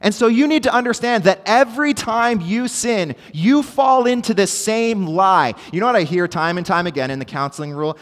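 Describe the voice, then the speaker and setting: A man's voice: high voice, normal speed, hardly any pauses, in a large hall. A man preaching a sermon as pastor, earnest and emphatic, repeating key phrases for weight.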